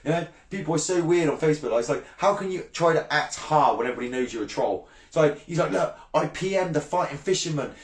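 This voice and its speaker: A man's voice: on the high side, fast, few pauses, reverberant. A brash man in his thirties, ranting bluntly and swearing freely in a casual vlog, often laughing. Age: 30s. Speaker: fishing channel vlogger.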